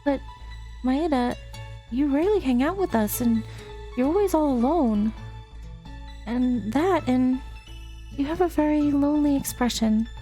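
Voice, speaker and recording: Girl reading as a caring chatty schoolgirl from a game, kinda high and soft. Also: animated, a little slow, pauses often, faint music behind. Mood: coaxing. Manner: read aloud from on-screen game text. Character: friendly teenage schoolgirl classmate, chatty and caring.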